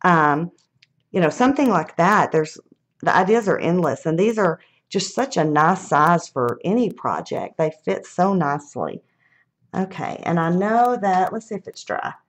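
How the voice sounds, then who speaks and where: A woman's voice: fairly low pitch, lively intonation, a little slow. A middle-aged woman, chatting casually through a live craft demonstration, thinking aloud and laughing at her own mishaps.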